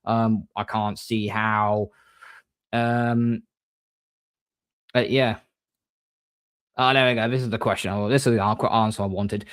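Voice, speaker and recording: A man hosting a casual livestream, reading viewer comments and giving shout-outs in a rambling, chatty way. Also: on the low side, flat delivery, slow pace, pauses often, clean tone, dry recording. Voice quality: rambling, frequent restarts, mate-and-bro shout-outs. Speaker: livestream host.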